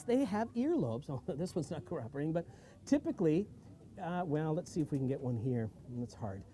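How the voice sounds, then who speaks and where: A man's voice: high voice, dark tone. A man hosting a live stream outdoors on a farm, chatty and full of exclamations. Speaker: host. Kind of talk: live-streamed casual chat.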